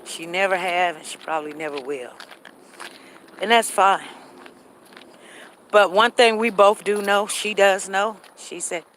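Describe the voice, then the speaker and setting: A woman's voice: mid-range voice, measured pace, pauses often, a bit bright, a little hiss or hum. A woman hosting a live stream, talking candidly and repeating herself as she walks outdoors through a neighborhood. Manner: candid, repetitive, reads chat comments aloud. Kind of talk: casual chat while walking.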